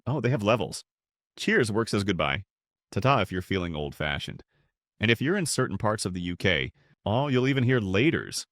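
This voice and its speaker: A man narrating a scripted explainer video in a playful way, with upbeat jumps in pitch. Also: fairly bright tone, no echo, clean studio sound.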